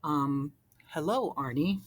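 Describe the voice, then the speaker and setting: A woman's voice: low-pitched, expressive, slow, exaggerated voice. A woman voicing a sheepish, stammering man who hesitates over his words.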